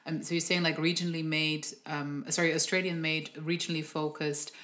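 Bright low-voiced woman host. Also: little pitch movement, fairly quick. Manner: chatty, playful questioning. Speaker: podcast host. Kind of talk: interview host.

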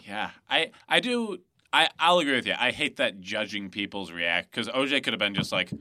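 A man's voice: fairly low pitch, normal speed, no echo, studio quality. A man in casual podcast chat, telling a story animatedly and acting out what people said, with some casual swearing. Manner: animated storyteller who acts out quoted lines.

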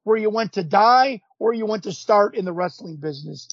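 A husky, high-pitched man in his fifties tells stories as a podcast guest. He is animated, acts out what people said and keeps restarting his sentences. The recording is dry and dull, lo-fi. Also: moderate pace, dry recording. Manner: animated storyteller, acts out quotes, frequent restarts. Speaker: podcast guest, former pro wrestler. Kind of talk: casual storytelling interview. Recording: dull lo-fi sound.

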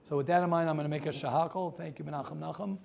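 A man teaching a yeshiva class, talking in a lively way, firing rhetorical questions and telling everyday stories. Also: fairly high pitch, racing, vocal fry, noisy background.

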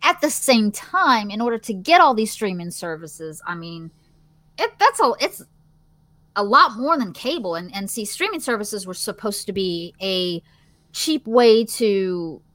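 Bright-voiced Southern woman, chatty. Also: medium pitch, big pitch swings, measured pace, no room sound. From Virginia, US. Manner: chatty, hesitant, many fillers. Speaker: guest, actress. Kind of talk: casual interview chat.

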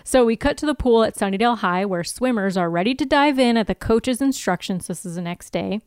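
A woman's voice: mid-range voice, animated, fairly quick, smooth, no room sound, clean studio sound. A young woman co-hosting a podcast, recapping an episode in casual chat and laughing often. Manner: laughs often, retells scenes with quoted lines. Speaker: podcast co-host.

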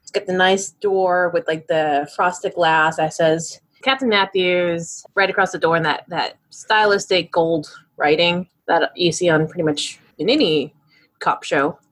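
A woman's voice: lowish voice, fairly even intonation, measured pace, a bit bright. A woman narrating as game master of a tabletop game, casual with lots of fillers.

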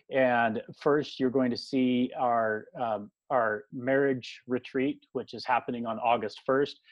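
A man co-hosting, telling a story in relaxed casual chat with frequent hesitations. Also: medium pitch, no echo. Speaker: co-host. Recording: dry, dull lo-fi sound.

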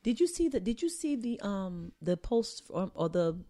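A woman's voice: mid-range voice, very animated, moderate pace, mellow. A woman co-hosting a podcast in casual chat, joking and boasting playfully with slang. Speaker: podcast co-host.

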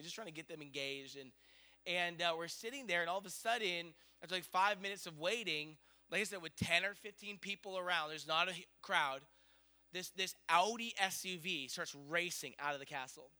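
Give me a middle-aged male pastor with a bright, high voice, excitedly telling a story in a sermon. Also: normal speed.

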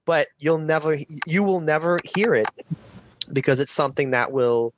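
A man's voice: fairly high pitch, moderate pace. A man talks loosely on a podcast video call, circling through restarts and fillers before he lands his point. He swears casually. A faint noise sits under his voice. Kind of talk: casual chat.

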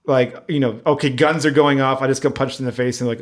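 A man co-hosting a casual talk show, relaxed and hesitant, laughing easily as he talks. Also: mid-range voice, fast talker. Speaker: podcast co-host. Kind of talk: casual chat.

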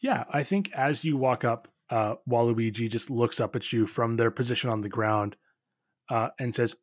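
Husky-voiced male game master. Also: medium pitch, normal speed, no room sound. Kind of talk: narrating a tabletop game.

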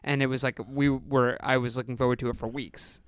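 A young man with a smooth, resonant voice tells a story in relaxed podcast chat, peppering it with "like" and acting out the other people in it. The recording is close and dry, with no room sound. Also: medium pitch, brisk, no echo. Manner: storytelling with acted-out quotes and frequent "like". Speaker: podcast co-host. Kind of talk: casual chat, telling a school story.

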